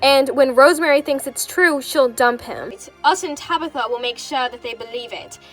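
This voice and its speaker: Woman doing a sneaky mom in a toy drama, fake sympathy, slow and careful, faint music. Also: high voice, animated. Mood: scheming. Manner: falsely sympathetic, measured. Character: scheming mother, sweetly false.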